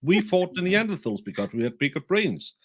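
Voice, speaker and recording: A man's voice: sits high, sing-song, brisk. Blunt man ranting. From Denmark. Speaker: co-host. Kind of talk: casual political chat.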